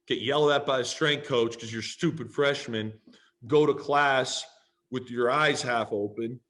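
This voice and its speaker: Guy in his 30s rambling through a story, swears a lot, mid pitch. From Canada. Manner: animated, swears freely, talks in long run-on stories. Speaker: guest, football player. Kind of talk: casual storytelling in a podcast interview.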